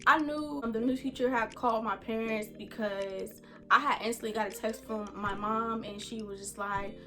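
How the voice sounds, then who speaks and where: A woman vlogger telling a casual storytime, animated and chatty, full of slang and asides to viewers. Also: fairly high pitch, normal speed, soft background music.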